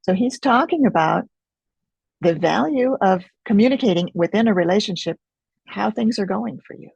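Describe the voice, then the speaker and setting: A middle-aged woman leading an experiential teaching webinar in a gentle, reflective way, pausing often, over a video call mic. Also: mid-range voice, expressive, creaky, husky, dry recording. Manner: gentle, reflective, unhurried with pauses. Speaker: Focusing teacher.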